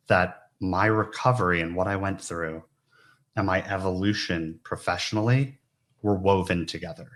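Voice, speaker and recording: A man giving an earnest, confessional talk to a conference audience, often checking in with "right?". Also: sits low. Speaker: conference speaker. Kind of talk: personal story talk to an audience.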